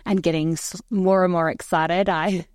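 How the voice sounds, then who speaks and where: A woman hosts a podcast in a friendly, chatty way. Her voice is smooth and fairly low, and the sound is dry and close, with no room sound. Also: fairly even intonation, moderate pace, darkish tone, no room sound. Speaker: podcast host. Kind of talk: casual interview chat.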